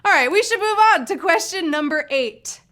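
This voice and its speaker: High-voiced playful woman quiz host. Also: animated, moderate pace, background noise. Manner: playful, teasing, chatty asides. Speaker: game show host. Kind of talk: live trivia game show hosting.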